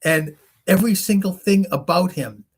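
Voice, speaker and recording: A high-pitched man with a breathy edge speaks at normal speed as a talk show host. His casual conversation wanders through retold stories, complete with acted-out voices of the characters involved.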